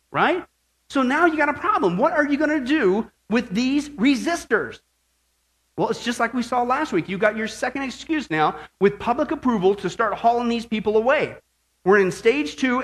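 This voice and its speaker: A man's voice: sits high, fairly bright tone. A man preaching a sermon, emphatic and full of rhetorical questions to his listeners. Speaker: pastor.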